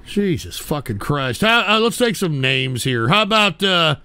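A man's voice: on the high side, very animated, unhurried, pushed and bright, clean tone, dry recording. A man hosting a call-in show, ranting at callers with profane, insulting mockery. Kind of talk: abrasive call-in radio rant.

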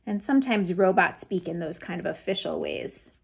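A woman's voice: wildly swooping pitch, normal speed, creaky, a little hiss or hum. Woman reading storytime to children. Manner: playful, chats with young listeners; voices sound effects with big pitch jumps. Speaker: children's librarian. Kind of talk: children's storytime read-aloud.

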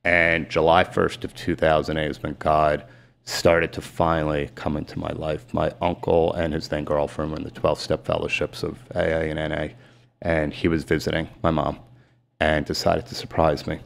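A middle-aged man, a sports agent telling his story candidly in an interview, emphatic and retelling dialogue in rapid bursts. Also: extremely low pitch, creaky. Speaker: guest, sports and celebrity agent.

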